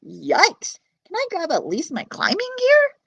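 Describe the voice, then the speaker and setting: A woman's voice: extremely high pitch, wildly swooping pitch, measured pace, gravelly, a bit bright, no echo, voice pushed up, exaggerated voice, low-quality recording. A woman voicing a cheeky, whiny young boy who talks back to the narrator.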